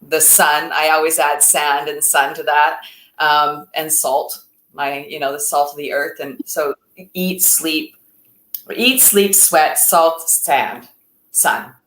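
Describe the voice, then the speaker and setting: A woman's voice: low voice, fairly even intonation, slow pace, fairly bright tone, echoey room, low-quality recording. A woman co-hosting a casual talk on mental health in a reflective, encouraging way. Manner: reflective, encouraging, speaks in lists. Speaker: co-host.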